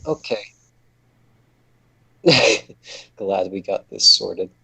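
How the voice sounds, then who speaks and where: A man playing in a tabletop game, with a low, gravelly and husky voice recorded dry and close. He talks casually, swears freely and drifts in and out of his character. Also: animated, drawn-out words, sharp tone, no room sound, rough recording. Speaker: player.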